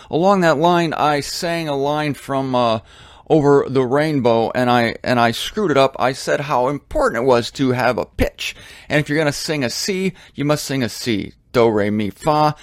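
A man hosting a religious talk series, speaking in a rambling, animated, self-deprecating monologue from his home studio into a microphone. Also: medium pitch, no room sound. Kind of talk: casual monologue.

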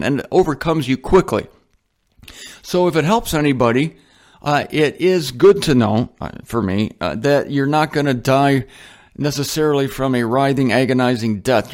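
A man hosting a Bible teaching show, talking in a loose, conversational way with asides and slow, dramatic emphasis. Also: mid-range voice. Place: indoors, a guest home. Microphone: headphones on, talking into a mic.

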